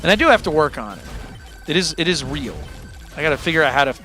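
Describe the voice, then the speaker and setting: A man's voice: fairly high pitch, big pitch swings, fast talker, bright, forceful tone. A man hosting his own music livestream, chatting candidly and self-deprecatingly with his audience in a rambling way. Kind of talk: casual chat to a live audience.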